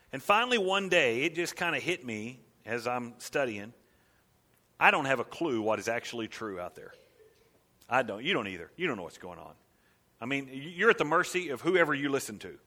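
A man's voice: fairly high pitch, sharp tone. A man preaching a conversational sermon as a pastor, emphatic and acting out quotes in his talk.

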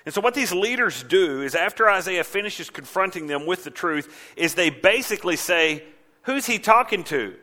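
A man preaching a sermon as a pastor, animated, sometimes mimicking mocking voices. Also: high-pitched, moderate pace, few pauses.

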